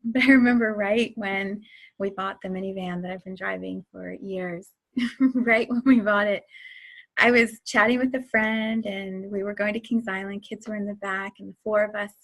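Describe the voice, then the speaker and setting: A woman's voice: mid-range voice, fairly even intonation, normal speed. A woman in her forties hosting a casual spiritual talk, chatty and laughing often as she tells stories. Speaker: host.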